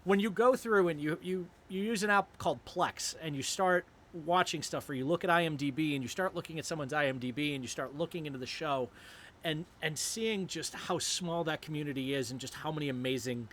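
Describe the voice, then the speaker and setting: A man's voice: on the high side, moderate pace, a bit bright, slight background noise. A man hosting a podcast, talking as an enthusiastic fan in a rambling, effusive way. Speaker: podcast host. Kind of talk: casual podcast chat.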